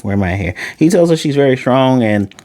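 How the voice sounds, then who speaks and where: A man casually reviewing an anime episode, joking asides and quickly paraphrasing the characters' lines. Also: mid-range voice, lively intonation, warm tone, no room sound, clean studio sound. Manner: chatty, joking asides, paraphrases scenes in quick quoted voices. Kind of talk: casual spoken episode recap.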